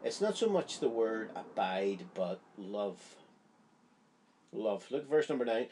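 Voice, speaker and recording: A man's voice: mid-range voice, very animated, brisk, dark tone, slight background noise. A man giving a Bible study, explaining a chapter in an earnest, conversational way. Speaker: Bible teacher.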